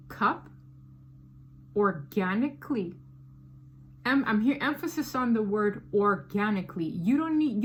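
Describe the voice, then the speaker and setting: A woman giving a casual tarot reading, talking in an animated, slangy and emphatic way. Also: on the high side, slight background noise. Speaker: tarot reader.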